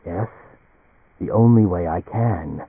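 A man voicing an ancient, weary male alien entity who speaks quietly and bitterly, with a mocking edge. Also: low voice, slow pace, husky, no room sound, exaggerated voice. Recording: dry, tinny phone-like audio.

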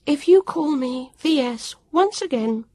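An indignant, frazzled young girl, as a woman puts her on in an audiobook. The voice rides well above the narrator's, swinging widely, with a husky grain. It sounds close and dry. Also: sits high, lively intonation, measured pace, dry recording, pitched above the performer's own voice. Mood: exasperated. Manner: indignant, rising to loud outbursts.

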